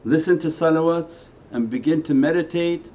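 A man teaching as a Sufi teacher in a spiritual lecture, talking conversationally and moving between quiet asides and emphatic lines. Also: a little high, normal speed. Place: meditation center hall.

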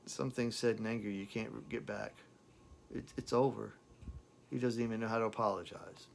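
A man reviewing a song, who recites its lyrics slowly and dramatically and repeats words as he talks. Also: fairly low pitch, fairly even intonation, creaky, a little hiss or hum. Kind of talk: impassioned lyric recitation and commentary.

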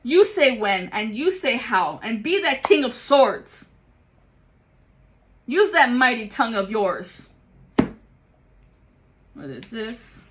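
A woman's voice: fairly high pitch, very animated, takes it slowly, slight background noise. A woman giving a casual tarot reading to viewers, emphatic and blunt, swearing often and calling the listener baby. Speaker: tarot reader.

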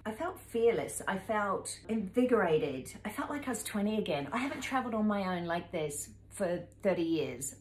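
A woman in her fifties with a New Zealand accent, telling a travel story to camera in a lively, animated way and acting out the voices in it. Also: lowish voice, reverberant, slight background noise, rough recording. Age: 50s. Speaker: travel vlogger.

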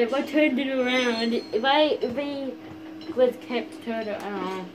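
A gamer giving casual, excitable commentary while playing a fighting game, often yelling and swearing at it. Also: medium pitch, a little slow. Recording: background noise.

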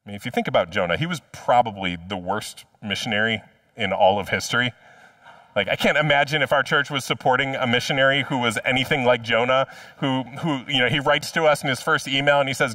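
A man's voice: mid-range voice, fast, bright, forceful tone, no room sound, studio quality. A male pastor preaching a sermon in a conversational, humorous storytelling manner, heard from a distant mic.

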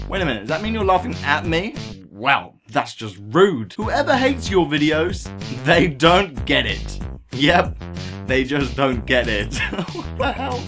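Jokey male vlogger, comment-reading bit, very animated pitch, slow delivery. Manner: playful and jokey, with sudden silly outbursts. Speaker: YouTuber reading viewer comments. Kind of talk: goofy comment-reading vlog.

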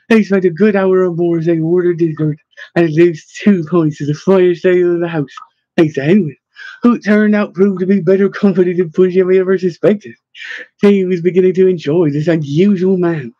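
A man narrating a novel in steady scripted reading, with occasional slips. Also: a little high, dry recording, muffled recording. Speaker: audiobook narrator.

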